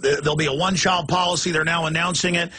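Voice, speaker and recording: A man hosting a talk show, ranting passionately and rapidly. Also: on the high side, steady tone, sharp tone, husky. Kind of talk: heated political talk.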